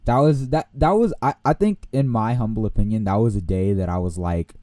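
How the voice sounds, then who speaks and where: A young man hosting a podcast, telling a rambling, animated story and laughing often. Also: lowish voice, brisk, no room sound. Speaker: podcast host. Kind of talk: casual storytelling.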